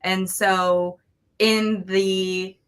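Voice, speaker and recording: A woman's voice: medium pitch, little pitch movement, very slow, fairly bright tone, clear, resonant tone. A woman in her forties, a relationship coach, speaking earnestly and frankly in an interview. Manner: earnest, reflective, frank about intimacy. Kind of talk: candid interview talk.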